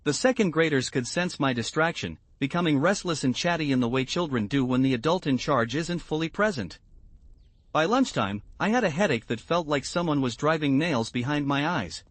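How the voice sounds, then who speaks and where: A man reading a scripted first-person story in an even, measured way. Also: on the high side, dry recording. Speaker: narrator.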